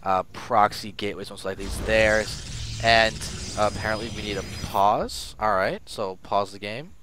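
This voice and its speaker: A young man casting a live strategy game match as stream host, excitable and prone to loud bursts at big plays. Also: fairly low pitch, moderate pace. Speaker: esports caster and stream host. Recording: faint background noise.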